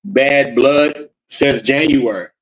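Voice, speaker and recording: Baltimore male co-host, blunt and emphatic, mid-pitched, on a dull lo-fi track. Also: takes it slowly. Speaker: podcast co-host. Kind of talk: casual chat. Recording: dull lo-fi sound.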